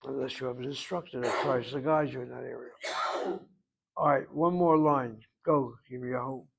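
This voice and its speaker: A man's voice: medium pitch, steady tone, moderate pace, vocal fry, a crowd in the background, poor audio. A man teaching a language class, patiently explaining at length and asking rhetorical questions. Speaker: Hebrew instructor.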